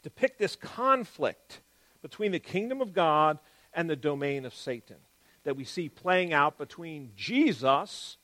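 A man giving an explanatory Bible teaching, stressing key words and moving between quick and drawn-out phrasing. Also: fairly high pitch, expressive, fairly bright tone.

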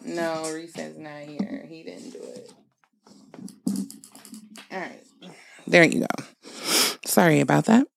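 A woman's voice: low voice, slow pace, creaky, long pauses. A woman hosting a podcast, chatting casually and bossing her family around while she tests her microphone. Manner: chatty, laughing, bossy with family. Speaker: podcast host.

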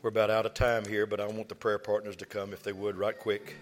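A man, preaching a sermon as pastor. He tells stories and rises to impassioned shouts. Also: lowish voice, completely flat delivery, quick pace. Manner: storytelling, rising to impassioned shouts. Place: large church hall. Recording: reverberant church hall with soft music.

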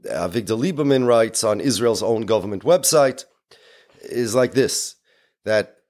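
Emphatic man lecturing. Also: mid-range voice. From United States. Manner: emphatic and explanatory, with many Yiddish and Hebrew words. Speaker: speaker.

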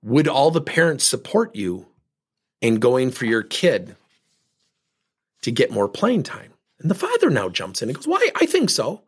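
A man hosting a podcast, telling a personal story and acting out the dialogue in an animated way. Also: mid-range voice, measured pace, pauses often, husky. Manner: animated, acts out quoted dialogue. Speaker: podcast host.

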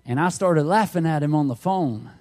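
A man's voice: fairly high pitch, normal speed, darkish tone. A middle-aged man, preaching a conversational sermon through folksy stories and jokes. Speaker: pastor.

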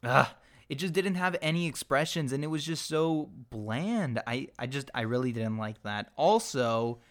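A young man co-hosting a relaxed film review chat. He is opinionated and rambling, with plenty of energy, and speaks at an ordinary pitch for a man. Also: normal speed. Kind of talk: casual chat.

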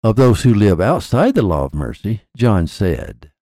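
A man with a low, mellow voice narrates a scripted scripture lesson. His pitch rises and falls widely as he sets out each point in measured, declarative sentences. The sound is close and dry. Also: sing-song, dry recording. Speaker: podcast narrator. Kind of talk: scripted religious teaching.

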